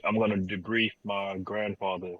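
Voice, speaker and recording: A man playing a character in a tabletop game, calmly laying out his plans. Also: fairly low pitch, moderate pace, slightly rough, no room sound, phone-quality sound. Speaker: player. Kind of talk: tabletop role-play.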